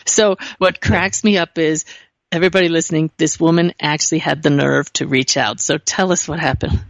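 A woman's voice: deep voice, steady tone, moderate pace, no echo, rough recording. A woman hosting an interview, enthusiastic and speaking straight to her listeners. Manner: enthusiastic, addresses listeners directly. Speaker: podcast host. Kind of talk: conversational interview.

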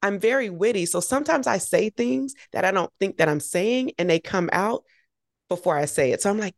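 A woman guest, a triathlete and race announcer, telling her story in an energetic, animated way. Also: medium pitch, a little fast, no room sound, studio quality. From United States.

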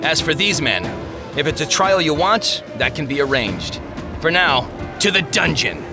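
A man's voice: on the high side, very animated, a little slow, over music. A man voicing a harsh, mocking city guard who speaks in a stern, commanding way.

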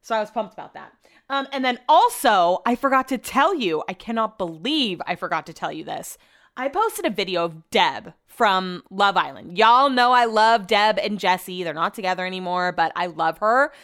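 Young American woman, podcast host, loose rambling chat, clear smooth tone. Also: medium pitch, expressive, normal speed, a bit bright. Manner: chatty, rambling, lots of "like" and asides. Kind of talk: casual chat to camera.

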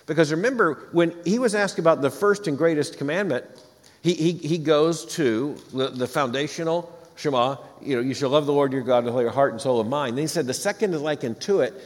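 A man's voice: a little high, fairly quick. A man preaching an expository sermon, reading scripture aloud and breaking off for emphatic, wry asides. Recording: long hall reverb.

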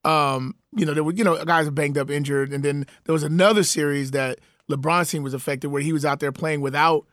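A man with a fairly high voice argues his case in a casual sports debate, emphatic and quick. The sound is dry and close. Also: fairly even intonation, fairly bright tone, dry recording. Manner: emphatic, argumentative, fast-talking. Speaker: sports talk co-host.

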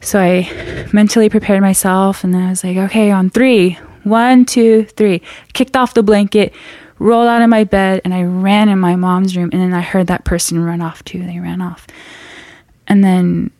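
A young woman from the Navajo Nation telling a true scary story from her own life. She halts and restarts as she builds suspense, and often drops to a hushed whisper at the tense moments. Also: on the low side, level tone, normal speed, no echo, clean studio sound. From Navajo Nation, US Southwest. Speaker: guest storyteller.

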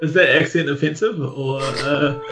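A man's voice: on the high side, normal speed, music in the background. A man playing a tabletop game, joking around and talking hesitantly. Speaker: player. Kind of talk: casual tabletop play.

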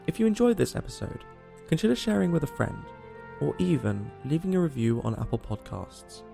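A man narrating a bedtime story podcast in a gentle, soothing manner. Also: on the high side, big pitch swings, brisk, gravelly, faint music behind. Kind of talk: storybook reading.

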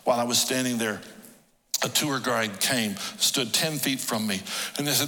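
A middle-aged male pastor preaching a sermon, telling stories with emotion that swings from hushed to loud. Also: medium pitch, normal speed, long reverb tail. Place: church hall.

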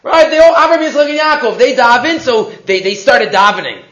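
Animated high-voiced man teaching Torah. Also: a little fast, dull audio. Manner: animated, rhetorical questions, mixes Hebrew terms into English. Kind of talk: weekly Torah portion class.

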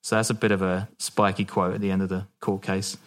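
A laid-back man with a fairly low voice, casually walking a friend through a story. He laughs easily and drops the odd swear word, keeping things loose and conversational. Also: little pitch movement, a little fast. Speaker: podcast co-host.

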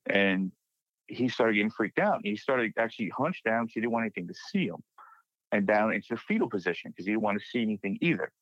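Lowish man telling a spooky story. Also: fast talker, no room sound. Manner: animated retelling, acting out friends' panicked quotes. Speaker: guest sharing a personal paranormal story. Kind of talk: casual spoken storytelling. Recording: dry, dull lo-fi podcast mic.

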